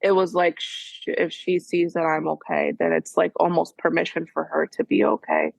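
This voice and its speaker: A woman's voice: sits low, level tone, moderate pace, creaky, no echo. A mother in a coaching session, recounting her week in a rambling, filler-heavy way. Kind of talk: casual chat.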